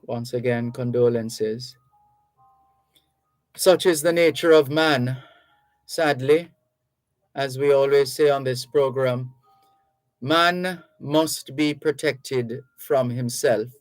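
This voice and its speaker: Slow-spoken radio host. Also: male voice, medium pitch, dry recording, soft background music, poor audio. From Jamaica. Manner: reads listener messages aloud, measured and reflective. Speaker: radio talk show host. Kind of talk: radio talk show. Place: radio studio. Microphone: studio microphone.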